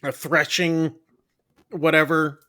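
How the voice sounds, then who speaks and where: Bright-voiced man rambling through a film recap. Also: on the high side, little pitch movement, slow. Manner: rambling, lots of ums and uhs, acts out quoted lines. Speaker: podcast co-host recapping a film. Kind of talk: casual movie recap chat.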